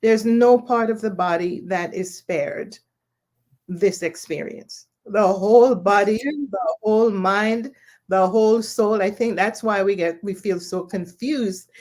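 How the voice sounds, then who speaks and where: Woman guest, slow and deliberate, explains patiently and checks in often. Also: mid-range voice, darkish tone. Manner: measured, explanatory, checks in with "okay?". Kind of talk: explanatory conversation.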